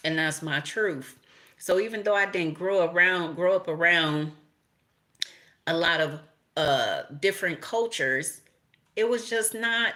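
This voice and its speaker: Low-pitched, a bit slow, and bright yet forceful in tone, a middle-aged Chicago woman reads tarot casually for her audience. She talks straight to them, laughing and swearing without restraint.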